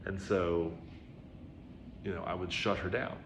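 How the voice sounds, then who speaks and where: A man's voice: deep voice, fairly even intonation, unhurried. A man giving an informal Zen dharma talk, chatty, with frequent "right?" asides, who raises his voice to act out quoted dialogue. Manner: conversational, many "right?" and "you know" asides. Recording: roomy echo with faint background noise.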